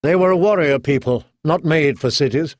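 A man reading a fantasy novel aloud in steady, measured scripted narration. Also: fairly high pitch, dry recording, clean studio sound. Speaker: audiobook narrator.

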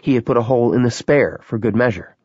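Low husky guy reading a thriller, pitch all over, dull lo-fi sound. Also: fast talker, dry recording. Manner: lively, dramatic reading. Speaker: audiobook narrator. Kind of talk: scripted narration.

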